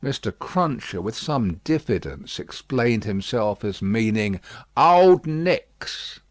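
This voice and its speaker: A man narrating a classic novel as an audiobook, measured and expressive. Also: lowish voice, no echo. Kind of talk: scripted narration.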